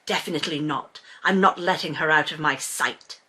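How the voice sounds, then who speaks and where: A brooding, well-off English gentleman, as a woman puts him on. The put-on British accent sits low and hushed, and the reading is gloomy and clipped. A bright, forceful edge carries through the voice. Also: normal speed, husky, full character voice. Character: brooding wealthy English man, first-person narrator. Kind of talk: dramatic reading of a novel.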